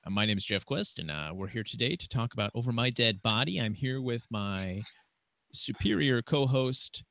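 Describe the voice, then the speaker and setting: Rich: A man with a bright, mid-pitched voice hosts a book podcast. He talks in an easygoing, casual way, with small hesitations between his thoughts. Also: moderate pace, vocal fry. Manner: relaxed and easygoing, with light hesitations. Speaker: podcast host. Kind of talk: casual book review chat.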